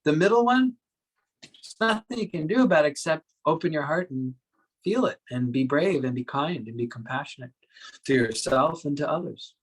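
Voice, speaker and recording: A man giving a dharma talk to his workshop group as a meditation teacher, speaking in a gentle, reflective way with soft laughs. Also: on the high side, animated, normal speed, breathy edge, poor audio.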